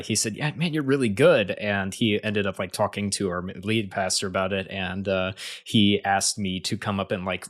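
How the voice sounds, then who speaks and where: Man in his twenties or thirties, lowish voice, co-host, talks in halting starts and stops. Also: fairly bright tone. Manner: hesitant, many filler uhs and restarts. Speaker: podcast co-host. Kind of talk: casual podcast chat.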